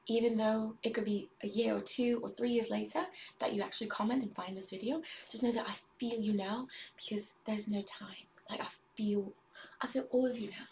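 A woman hosting a casual spiritual livestream, talking in a meandering, airy way with many likes and drifting into soft whispered prayer. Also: medium pitch, fairly even intonation, brisk, vocal fry, recorded from a distance, a little hiss or hum. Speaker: livestream host.

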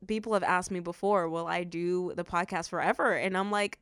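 A woman's voice: fairly low pitch, fairly even intonation, a little fast, few pauses, fairly bright tone, clean tone, dry recording, studio quality. A woman hosting a faith-based podcast, talking earnestly and effusively to her listeners with plenty of fillers. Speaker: podcast host.

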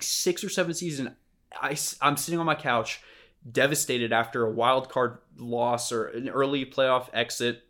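A man's voice: medium pitch, fairly bright tone. Ranting, profane young man. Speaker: podcast co-host. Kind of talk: casual sports chat.

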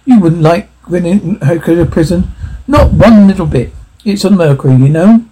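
A man's voice: high voice, animated, normal speed, mellow, a little hiss or hum, low-quality recording. A man voicing a blustering, gloomy male spaceship crewman in a read-aloud science fiction story, bellowing and scornful. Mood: gloomy boasting. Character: blustering gruff male spacer, boastful and pessimistic.

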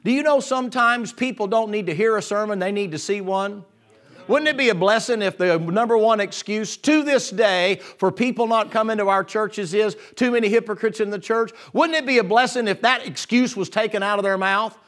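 A man preaching a lively sermon in a folksy, joking way, acting out the people in his story. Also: sits high, fairly quick. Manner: folksy and joking, acts out voices of figures.

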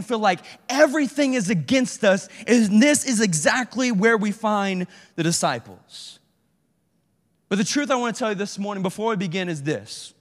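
A man with a very high voice preaches a slangy, animated youth sermon and acts out people's prayers. His voice rings with a long reverb, as in a large hall. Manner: casual slangy speech. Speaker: youth pastor.

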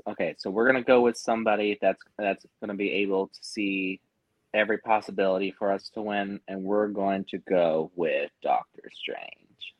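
Man guest, slightly low voice, laid-back, muffled dry recording. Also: moderate pace, dry recording. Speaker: podcast guest. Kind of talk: casual podcast chat.

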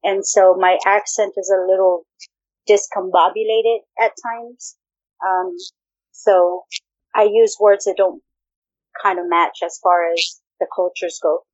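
A woman's voice: mid-range voice, fairly even intonation, unhurried, no echo. A woman co-hosting a casual podcast, playful and teasing, laughing and swearing, slipping Spanish phrases into her talk. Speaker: podcast co-host. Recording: dull lo-fi recording.

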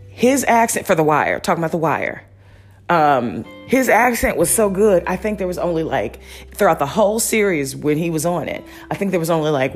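Low voiced woman rambling on her podcast, lots of ums, soft music under it. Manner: rambling, chatty, many fillers and restarts. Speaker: podcast host. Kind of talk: casual solo review chat.

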